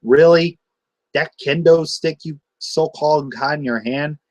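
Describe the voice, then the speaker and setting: A man's voice: a little high, normal speed, no echo, highs cut off. A man hosting a wrestling show, cutting a taunting, sarcastic trash-talk promo.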